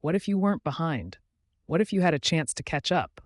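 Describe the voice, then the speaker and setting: A man's voice: a little high, lively intonation, fairly quick, dry recording, studio quality, voice pushed up, lightly acted. A man voicing a successful, driven businessman who speaks earnestly and urgently.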